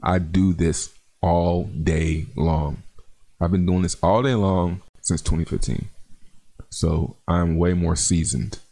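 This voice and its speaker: A man's voice: low-pitched, fairly even intonation, slow pace, mellow. A man hosting a casual crypto livestream, reading viewer comments in a laid-back, chatty way and calling viewers man and bro.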